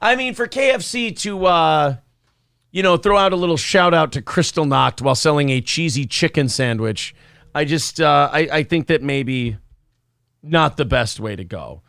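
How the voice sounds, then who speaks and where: Gravelly-voiced male morning show host. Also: a little high, animated, normal speed, fairly bright tone, no room sound, studio quality. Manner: irreverent, joking, stammering restarts. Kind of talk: casual comedic radio talk. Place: studio.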